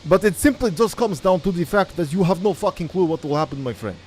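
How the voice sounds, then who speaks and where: A man's voice: high-pitched, expressive, quick pace, darkish tone, slightly rough, soft background music, pitched above the performer's own voice. A man voicing a melodramatic male trader, speaking theatrically to the listener. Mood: dramatic. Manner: theatrical, heavy accented delivery addressing the listener as friend. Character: melodramatic male trader with a put-on Russian accent.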